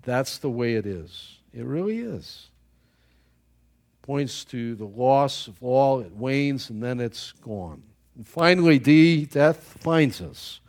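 A man's voice: medium pitch, lively intonation, a little mellow. A man preaching a sermon in a folksy storytelling way, chuckling at his own anecdotes and often restarting his sentences. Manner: halting with repeated restarts.

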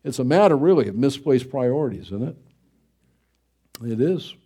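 A man's voice: medium pitch, expressive, normal speed, warm tone, slightly rough. A middle-aged man from the United States, preaching in a folksy, conversational way with many rhetorical questions. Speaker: pastor. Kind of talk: sermon.

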